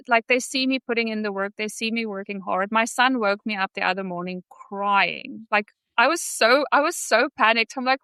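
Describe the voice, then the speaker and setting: A woman's voice: fairly high pitch, pushed and bright, clean tone, no room sound. A woman guest telling personal stories on a podcast, heartfelt and earnest. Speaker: podcast guest, sales student. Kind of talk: candid personal storytelling.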